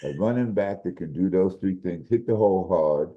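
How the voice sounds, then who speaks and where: A man co-hosting a sports podcast, casually breaking down football games in a measured way, restarting his sentences as he thinks. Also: low voice. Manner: measured, explains with repeated restarts. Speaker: podcast co-host, football analyst. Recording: dull lo-fi audio.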